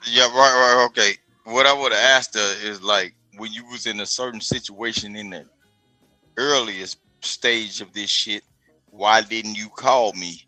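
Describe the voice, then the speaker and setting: A man's voice: fairly low pitch, steady tone, unhurried, bright, forceful tone, no echo, soft background music, low-quality recording. A man talking in casual chat, telling things in a profane, streetwise way. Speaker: podcast guest.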